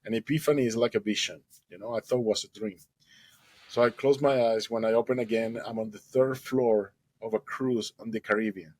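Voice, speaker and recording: Husky man telling a personal testimony. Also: on the low side, fairly even intonation, brisk, a little mellow, dry recording, poor audio. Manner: emotional storytelling, acts out quoted dialogue, non-native grammar. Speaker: guest telling his own story.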